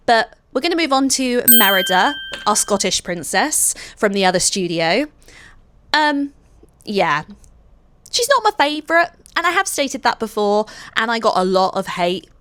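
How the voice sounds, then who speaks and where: A young adult woman chatting to camera as a vlogger, gushing and often apologising with quick asides. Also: mid-range voice, a bit bright, no echo. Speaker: vlogger and party princess performer. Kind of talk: casual chat to camera.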